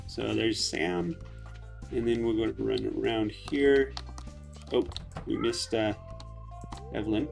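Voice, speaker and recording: Gravelly guy chatting through a farming game, chill and rambly, guitar music behind. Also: fairly low pitch, slow pace, pauses often. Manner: relaxed, chatty, hesitant. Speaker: let's play host. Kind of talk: casual gameplay commentary.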